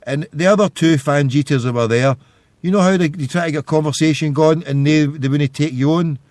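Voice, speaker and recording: A man's voice: fairly high pitch, brisk, darkish tone, no room sound, studio quality. A man, hosting a podcast and telling stories in a loose, rambling monologue. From Scotland. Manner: rambling storytelling. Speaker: podcast host. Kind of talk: casual monologue.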